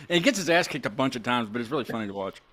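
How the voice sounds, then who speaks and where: Host, loose rambling talk, laughs and swears, mid-pitch man. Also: sharp tone. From West Virginia. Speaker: podcast host. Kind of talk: casual chat.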